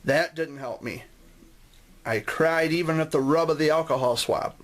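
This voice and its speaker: A man's voice: a little high, normal speed. A man telling a personal story in a casual, rambling way, often restarting his sentences. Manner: rambling, with frequent restarts and asides. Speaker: vlogger sharing a memory.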